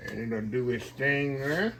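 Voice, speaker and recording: A man's voice: mid-range voice, measured pace, gravelly, fairly bright tone, slight background noise. An older man hosting a casual home cooking video, chatting folksy with viewers as he works in his kitchen. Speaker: home cooking channel host.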